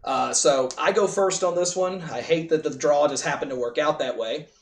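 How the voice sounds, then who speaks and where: Podcast co-host, a man who is a touch high-pitched and speaks emphatically, recorded far off in an echoey room. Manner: emphatic, drawn-out opinions. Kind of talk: casual wrestling chat. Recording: echoey room, distant from mic.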